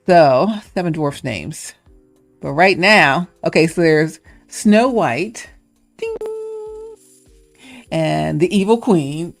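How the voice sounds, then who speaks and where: A woman with a low, gravelly voice, chatting casually to her livestream audience. She muses in a playful way, slips into quick impressions of characters, and then turns to earnest encouragement. Soft music runs faintly behind her. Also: expressive. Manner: playful and musing, drifts into encouragement; acts out little voices of characters. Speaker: live stream host.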